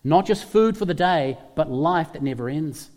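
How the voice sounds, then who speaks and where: A man's voice: a little high, animated, moderate pace, a little mellow, big-room sound. A man preaching a sermon, emphatic, repeating key phrases and putting questions to his listeners. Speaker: pastor.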